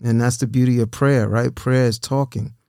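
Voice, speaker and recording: A man with a gravelly, creaky voice talks in a casual, earnest way, encouraging his listeners. He repeats words as he goes and keeps asking "right?". The sound is dry and close, with almost no room echo. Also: medium pitch, steady tone, normal speed, mellow. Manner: earnest, repeats himself, asks "right?" often.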